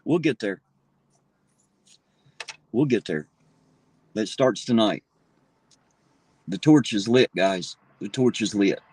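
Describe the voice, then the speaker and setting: A man in his 40s rants angrily outdoors into his phone on a street livestream, swearing heavily. His voice is lowish, animated, a little mellow and breathy-edged, and he speaks slowly with frequent pauses.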